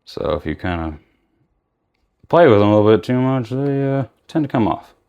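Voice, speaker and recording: A man's voice: medium pitch, animated, moderate pace, darkish tone, clean tone, lo-fi sound. A young man giving casual, rambling commentary while unboxing and reviewing action figures, often correcting himself mid-sentence.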